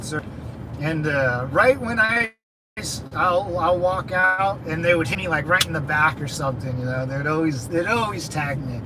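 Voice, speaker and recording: A man's voice: sits high, noisy background. A man in his thirties telling loose stories to his viewers, laughing often and saying "dude" and "man" a lot. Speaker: veteran channel host. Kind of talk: casual storytelling chat.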